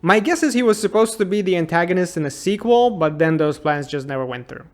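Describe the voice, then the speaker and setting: A man's voice: high-pitched, lively intonation, quick pace. A man in his thirties narrating a comedic game retrospective in a sarcastic, incredulous and exasperated way. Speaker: YouTube game reviewer.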